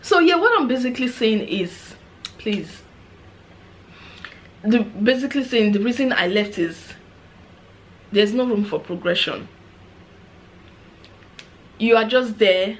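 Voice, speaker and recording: A Nigerian woman vlogger telling a story in a frank, chatty, animated way. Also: on the high side, slow, pauses often, a little hiss or hum. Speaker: vlogger, former care assistant. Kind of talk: casual storytelling.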